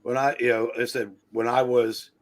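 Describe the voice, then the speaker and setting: A man's voice: mid-range voice, little pitch movement, moderate pace. A man chatting casually on a comics livestream, telling wry, self-deprecating stories.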